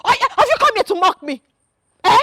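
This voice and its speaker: An actress playing a fierce, loyal young wife with a Nigerian accent, shouting and accusing in a film drama. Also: female voice, very high-pitched, sing-song, a little fast, no echo, studio quality, full character voice. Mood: furious. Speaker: wife defending her husband.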